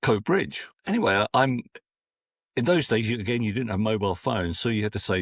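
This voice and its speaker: A man in his sixties from Scotland rambles through anecdotes on a podcast, restarting often and voicing the quotes theatrically. He sounds expressive and fairly quick, with a lowish voice, on a clean studio recording with no echo.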